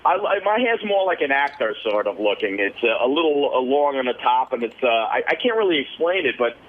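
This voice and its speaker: A man's voice: medium pitch, big pitch swings, a little fast, hardly any pauses. A man calling in to a radio show, stammering through fillers. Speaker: caller. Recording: tinny phone line with faint noise.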